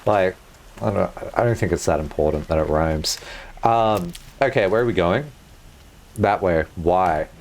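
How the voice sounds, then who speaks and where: A man's voice: low-pitched, a little slow, darkish tone, slight background noise. A man streaming a game, musing aloud in casual chat and swearing freely. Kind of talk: casual livestream chat while gaming.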